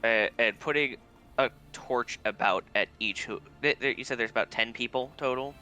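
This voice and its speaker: A man playing a tabletop role-playing game, a gravelly player who drops into a low voice for his character's lines. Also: normal speed, sharp tone, faint music behind.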